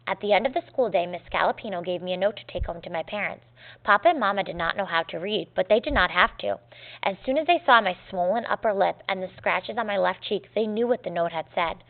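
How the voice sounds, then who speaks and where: A woman teacher reading a story aloud to her students in a clear, measured, gently expressive way. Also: medium pitch. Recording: tinny phone-like lo-fi recording.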